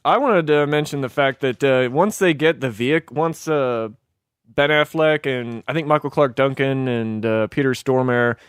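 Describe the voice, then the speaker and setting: A man's voice: medium pitch, moderate pace, clean tone, no echo, clean studio sound. A young man co-hosting a casual movie review chat, often repeating words as he gathers his thoughts. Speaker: podcast co-host.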